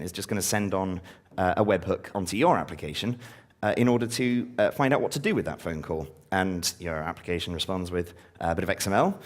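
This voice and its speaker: A man giving a casual live-coding talk to a conference audience, full of ums and uhs. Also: low-pitched. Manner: casual, filler-heavy, upbeat when engaging audience. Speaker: conference speaker.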